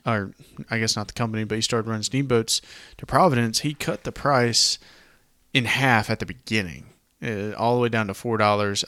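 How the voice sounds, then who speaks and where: Bright, clear-voiced Southern man. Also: fairly low pitch, no echo, studio quality. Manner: conversational, explains with asides. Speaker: podcast host. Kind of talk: casual history podcast narration.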